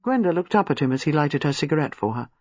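A man narrating a novel in an expressive, lively reading. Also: a little high, fast, slightly rough, no echo. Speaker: audiobook narrator. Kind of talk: scripted narration. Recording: slightly muffled, dry.

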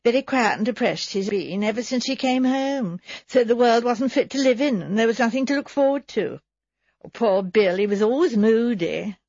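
A woman's voice: on the high side, lively intonation, normal speed, darkish tone, no room sound, muffled recording. A woman narrator voicing a mean, flashy middle-aged woman with a thin, reedy voice, read for an audiobook. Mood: plaintive.

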